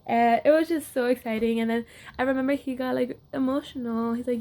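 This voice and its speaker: A woman's voice: high-pitched, steady tone, fast, vocal fry, a little mellow. A young woman athlete casually telling a personal story to camera, with lots of filler words. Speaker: wrestler.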